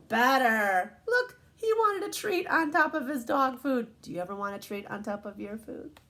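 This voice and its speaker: A woman reading a picture book aloud to young children, asking them questions as she goes. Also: high voice. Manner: warm, animated, questions to young listeners.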